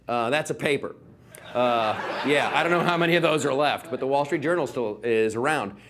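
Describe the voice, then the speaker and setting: A man's voice: mid-range voice, a little fast, noisy background. A male comedian doing a sarcastic stand-up monologue, rambling with filler words.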